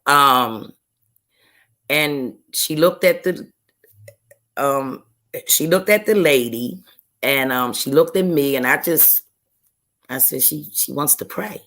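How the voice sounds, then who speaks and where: Her pitch extremely low but her tone fairly bright and expressive, a guest author recounts a personal, emotional testimony during an interview. She goes slowly and earnestly, frequently repeating herself.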